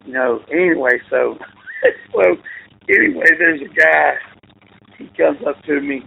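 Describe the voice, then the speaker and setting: A man with a gravelly, rough-edged voice tells a meandering story, acting out the people in it. His pitch leaps high and low as he goes. The sound is thin and phone-like, with a faint hiss behind him. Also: a little slow. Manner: rambling, animated storyteller who acts out quotes. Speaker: football coach. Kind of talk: casual storytelling interview. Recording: tinny phone-like line with faint noise.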